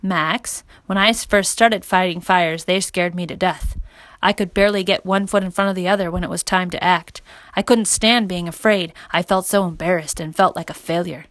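Kindly storybook fireman, calm and earnest, dry close sound, in a woman reader's own voice. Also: on the low side, moderate pace, no echo, natural voice. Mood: gentle. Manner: gentle, reassuring, earnest.

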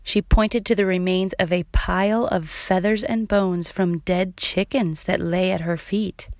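A woman narrating a children's chapter book, reading clearly and evenly. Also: lowish voice, steady tone, unhurried, no echo, clean studio sound. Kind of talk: storybook read-aloud.

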